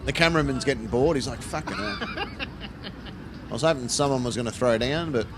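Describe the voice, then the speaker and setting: A man's voice: mid-range voice, very fast, background noise. Crude, mocking Australian man. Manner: crude, mocking, swears freely, laughs at own jokes. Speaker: live show host. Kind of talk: sarcastic live commentary on protest footage.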